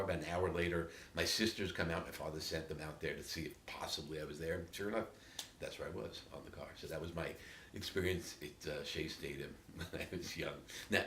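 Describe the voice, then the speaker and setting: An older man from New York City with a New York accent, talking in a casual, animated monologue about his hometown, often dropping into loud whispers for emphasis. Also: low voice, slight background noise. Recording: roomy, distant from the mic, faint ambience.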